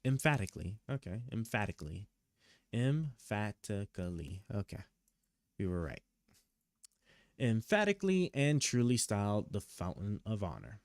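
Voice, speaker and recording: A man streaming live, reading a court opinion aloud and stopping often to puzzle over it, with halting, restarting speech. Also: on the low side, very animated, darkish tone, no echo, studio quality. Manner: reads legal text aloud, stops to check words. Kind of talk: casual live stream commentary. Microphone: headset or desk mic.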